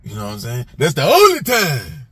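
A man's voice: mid-range voice, wildly swooping pitch, normal speed, fairly bright tone, husky, dry recording. A man hosting his own commentary channel, talking bluntly and casually, speaking straight to the people he discusses in street slang and often repeating himself. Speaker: commentator and host.

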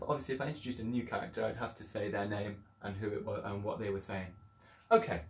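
A primary school teacher gives children an English lesson, explaining things step by step in a chatty, encouraging way. His voice is medium-pitched, and the sound is roomy.

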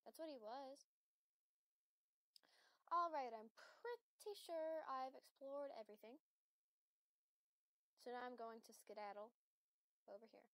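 A woman's voice: high voice, takes it slowly, long pauses, a bit bright, no room sound. Chatty, giggly woman playing a game. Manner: chatty, giggly, reacting aloud. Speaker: let's player. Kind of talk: casual game commentary.

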